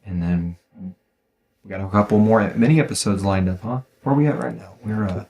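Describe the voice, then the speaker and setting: A man's voice: lowish voice, a little fast, gravelly, dark tone. Laid-back man hosting a podcast. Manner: laid-back, rambling, stumbles and laughs while reading. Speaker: podcast writer and host reading listener reviews. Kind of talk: casual podcast chat.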